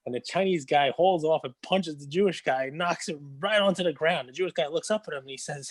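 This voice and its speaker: A playful man hosting a podcast, ribbing his guest and telling a joke. His voice sits a bit high and the sound is dry and close. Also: a little fast, hardly any pauses, dry recording. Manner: jokey, playful storyteller. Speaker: podcast host. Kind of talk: casual chat.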